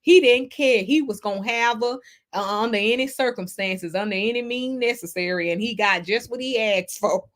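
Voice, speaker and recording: A woman hosting a casual gossip livestream, sassy and animated, laughing often as she reads the chat. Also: fairly high pitch, normal speed. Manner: sassy, animated, laughs a lot, Southern Black American slang. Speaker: livestream host reading chat.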